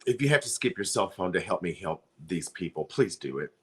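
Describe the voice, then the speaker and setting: Hosting a livestream, a man makes an earnest, pleading charity appeal, close to crying as he fights back tears. He talks briskly in a low, sing-song voice that is a bit bright.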